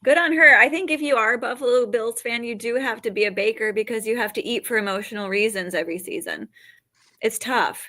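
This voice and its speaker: A woman in her forties from Western New York, a comedian guest chatting animatedly on a talk show, quick to joke. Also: a little high, pushed and bright. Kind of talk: casual interview chat.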